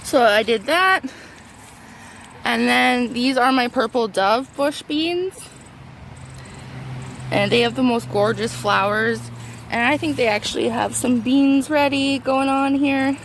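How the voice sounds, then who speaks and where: A woman giving a casual tour of her vegetable garden, chatty and excitable, talking to her plants, her voice turning squeaky at times. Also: slow pace, pauses often. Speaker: gardening vlogger. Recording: faint outdoor background noise.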